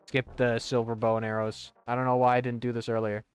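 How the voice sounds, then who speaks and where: A man's voice: medium pitch, little pitch movement, brisk, clear, resonant tone, no room sound. A young man streaming a video game, rambling casually with lots of swearing, fillers and restarts. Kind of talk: casual commentary while gaming. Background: faint game music.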